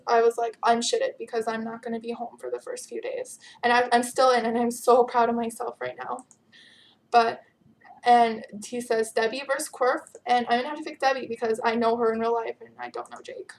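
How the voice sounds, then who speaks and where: A teenage girl talking through a vlog in a chatty, giggly way, her voice pitched a bit high with a gravelly fry. She sounds worn out but keeps things bubbly. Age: teens. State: tired. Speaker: vlogger answering viewer questions. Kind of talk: casual chat.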